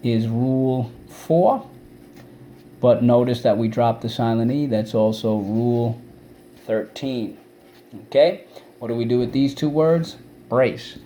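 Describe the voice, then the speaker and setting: A man's voice: mid-range voice, slow, mellow, a little hiss or hum. Man drilling spelling words aloud. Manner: call-and-response drilling, repeating words syllable by syllable. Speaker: teacher. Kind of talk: spelling and vocabulary lesson.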